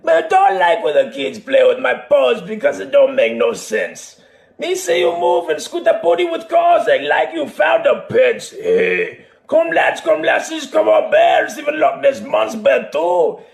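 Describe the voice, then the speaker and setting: Glutchy, a rowdy Scottish bear, sung by a man, bellows his comic song in a very high, gravelly voice that leaps all over. He shouts half his lines. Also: big pitch swings, measured pace, reverberant, full character voice. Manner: shouted sing-song rap. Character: gruff Scottish male bear, boisterous.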